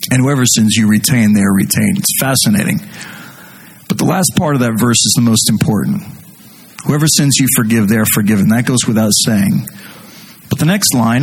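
A man preaching a sermon, conversational and animated as he tells stories, reading scripture slowly and deliberately. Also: mid-range voice, breathy edge, poor audio. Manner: conversational, animated storytelling with rising intensity.

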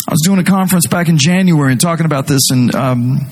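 A man with a husky, slightly raised voice preaches a sermon. He talks in a conversational, animated way and slows right down when he reads scripture. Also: a little high, poor audio. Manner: conversational, animated storytelling with rising intensity; reads scripture slowly and deliberately.

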